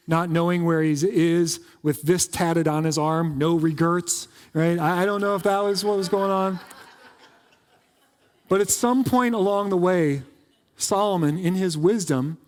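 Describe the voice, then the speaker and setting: A man preaching in a church, his voice sitting a little high and trailing off into a long reverb. He talks casually, tossing in jokes and quick asides as pastor. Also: darkish tone. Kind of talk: conversational sermon. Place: church sanctuary.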